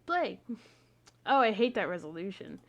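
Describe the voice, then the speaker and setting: A woman's voice: fairly low pitch, unhurried, muffled recording. A woman streamer rambling and muttering to herself in casual live gameplay chatter, with some casual swearing, at a home streaming setup. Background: game music.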